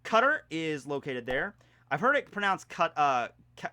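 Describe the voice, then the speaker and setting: A man's voice: on the high side, sing-song, normal speed, bright, forceful tone. A young man from Pennsylvania chatting casually and rambling through a geography quiz, making jokey, self-deprecating asides. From Pennsylvania, USA. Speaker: vlogger. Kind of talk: casual commentary while playing a geography quiz.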